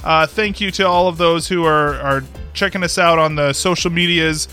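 A man's voice: fairly high pitch, steady tone, normal speed, sharp tone. A man hosting a podcast in upbeat casual chat, leading each segment. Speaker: podcast host. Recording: music faintly behind.

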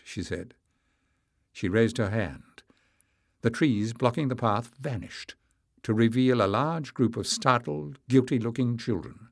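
A man narrates a fantasy audiobook at a steady, even pace, in a voice sitting at an ordinary male pitch. The close studio recording is dry, with no room reflection at all. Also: unhurried, no room sound. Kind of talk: scripted narration.

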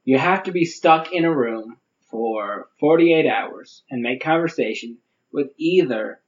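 A male podcast co-host rambles through jokes and tangents, filling his sentences with asides. His voice is mid-pitched and easygoing. The sound is a bit dull and lo-fi. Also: lively intonation, unhurried. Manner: rambling, many "like" and "uh" asides, joking. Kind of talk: casual comedic chat.

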